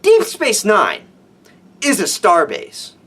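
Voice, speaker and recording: A man giving a ranting film review for his vlog, animated and exasperated, swearing freely. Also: high-pitched, takes it slowly. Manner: animated, exasperated, profane, with frequent restarts.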